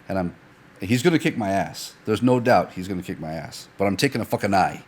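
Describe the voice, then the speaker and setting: Man, low voice, lively profane storyteller, casual podcast chat. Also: fast. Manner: animated anecdote teller, swears freely, acts out dialogue. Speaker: guest.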